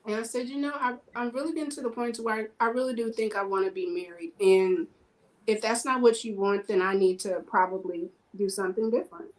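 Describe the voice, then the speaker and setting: A woman telling personal stories in casual chat, animated and acting out the dialogue in her stories. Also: mid-range voice, fairly quick, low-quality recording. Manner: animated, acts out quoted dialogue.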